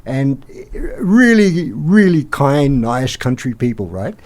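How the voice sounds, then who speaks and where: An older Australian man, a podcast guest, rambling through an animated anecdote and acting out the quotes. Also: mid-range voice, slow. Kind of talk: anecdotal storytelling.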